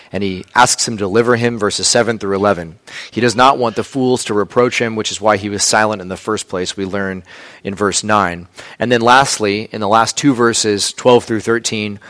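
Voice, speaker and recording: A man's voice: fairly low pitch, a bit bright, no echo. A man preaching a sermon in a conversational, plainspoken way, with casual asides. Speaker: pastor.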